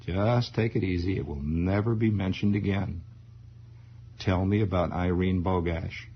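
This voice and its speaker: A man voicing a stern father who coaxes slowly and patiently, on a lo-fi 1960s radio broadcast. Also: steady tone, slight background noise. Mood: coaxing. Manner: low, slow, patient coaxing.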